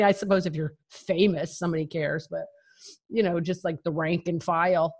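A woman speaks as an interview guest in a somewhat low voice, recounting her own life candidly. She talks frankly and with emphasis, laughing lightly between phrases. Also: steady tone, normal speed, a little mellow. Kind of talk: candid personal storytelling.

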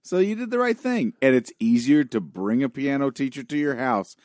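A man's voice: mid-range voice, expressive, normal speed, darkish tone, dry recording, studio quality. A man co-hosting a podcast, joking and teasing in casual chat. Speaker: podcast co-host.

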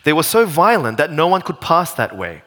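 A male pastor preaching a sermon, animated and full of rhetorical questions. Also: a little high, normal speed.

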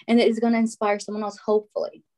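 A woman in her thirties telling stories in casual conversation, animated and acting out what others said. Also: mid-range voice, quick pace. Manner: animated storyteller, acts out quotes.

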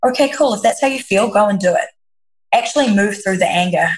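A woman's voice: mid-range voice, lively intonation, a little fast, husky, rough recording. A woman who works as a leadership coach, answering interview questions in an earnest, reflective way, often restarting her sentences. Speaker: leadership coach, podcast guest.

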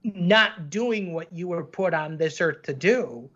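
A man's voice: on the high side, slow pace, fairly bright tone, highs cut off. A man chatting on a podcast as a guest cartoon creator, telling stories earnestly with lots of fillers. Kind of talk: casual podcast conversation.

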